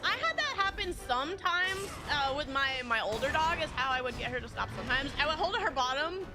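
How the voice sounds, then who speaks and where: A woman's voice: high voice, sing-song, a little fast, over music. A woman game streamer chatting casually with viewers, rambling with lots of restarts and little laughs.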